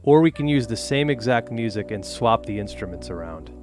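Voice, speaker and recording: A man's voice: medium pitch, expressive, a little fast, a little mellow, faint music behind. A man, a game composer, chatting casually on a live stream in an easygoing, joking way, thinking aloud.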